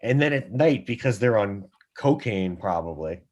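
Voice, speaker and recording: A male guest author on a talk show, telling a long anecdote in a rambling, lively way. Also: on the low side, moderate pace. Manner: rambling, lively storyteller who acts out quotes.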